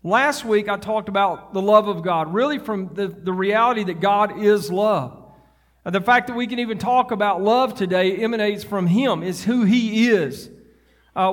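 A man's voice: sits high, big-room sound. A male pastor preaching a fervent sermon to his congregation, building up to hollering. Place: church sanctuary.

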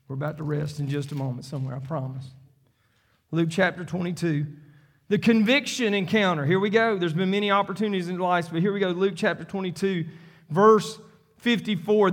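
High-voiced, emphatic male preacher. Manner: emphatic and repetitive, preaching on scripture; talks directly to the congregation. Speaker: pastor. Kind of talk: sermon.

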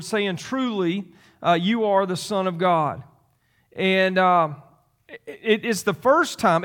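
A man's voice: high-pitched, fairly bright tone. A man preaching a sermon as pastor, conversational and rambling, with many restarts and asides.

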